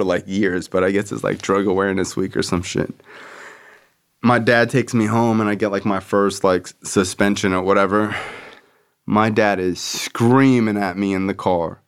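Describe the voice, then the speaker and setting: Low smooth-voiced man telling a story. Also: fairly even intonation, normal speed. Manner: loose and profane, acts out quoted voices. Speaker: podcast host. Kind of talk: casual storytelling.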